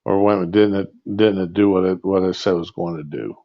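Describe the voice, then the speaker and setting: A man's voice: low voice, fast talker. A man ranting off the cuff on a livestream, angry and rambling, with many fillers and restarts. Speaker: livestream host. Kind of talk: impromptu rant. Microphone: earbud with built-in mic on a phone. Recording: muffled lo-fi phone earbud mic.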